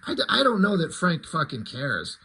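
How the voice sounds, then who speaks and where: A man's voice: a little high, huge pitch swings, normal speed, bright, forceful tone, breathy edge, rough recording. A middle-aged man giving a casual comic book review, rambling, sarcastic and swearing freely.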